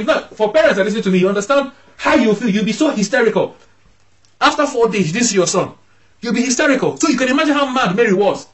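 A man's voice: very high voice, animated, fast talker, poor audio. A man preaching a sermon as pastor, emphatic, his voice rising sharply when he acts out scolding parents.

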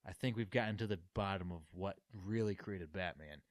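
A man's voice: low voice, fairly quick, no echo, clean studio sound. A man co-hosting a casual comedic chat, riffing on jokes and laughing often. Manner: giggly, riffs on jokes with frequent laughter.

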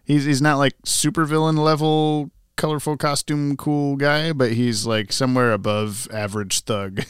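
A man co-hosting a podcast talks in loose, joking chat and laughs often as he wanders into asides. His voice sits at an ordinary middle pitch. The recording is close and dry, with no room sound. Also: steady tone, normal speed, clean tone, dry recording. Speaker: podcast co-host. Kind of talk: casual chat.

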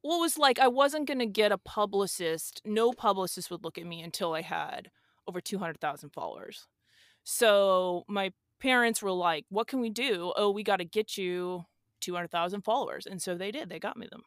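A woman plays a young male influencer from a wealthy family, laid-back and airheaded, talking in a slangy, rambling drawl. He is a podcast guest in an improvised comedy sketch, and the voice sits at an ordinary pitch. The sound is close and dry. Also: animated, normal speed, no echo, close to an everyday voice.

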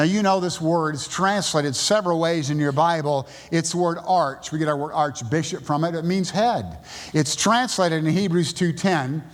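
A male pastor with a Southern US accent, preaching a sermon and driving his points home with emphatic high bursts. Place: church sanctuary. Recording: long church reverb.

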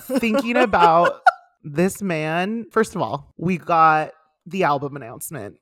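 A woman co-hosting a podcast in casual chat, excitable and quick to swear and laugh. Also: on the low side, dry recording, clean studio sound. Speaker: podcast co-host.

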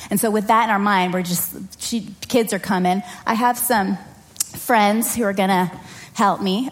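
During a church service, a woman pastor for children and families opens in prayer before giving her sermon. She keeps a steady tone in a mid-range voice at a measured pace, sounding earnest and conversational while acting out little scenes.

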